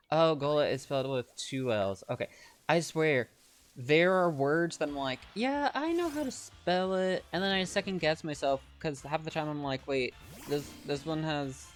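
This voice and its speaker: A man with a slightly high voice chats on a live game stream. He is playful and melodramatic, whining and teasing his viewers, with faint game music behind him. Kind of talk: casual gaming stream chat.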